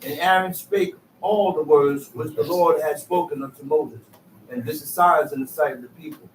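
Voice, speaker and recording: A man's voice: a little high, moderate pace, a little hiss or hum. Man reading scripture in an echoey room. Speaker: scripture reader. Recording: echoey room, mic far off.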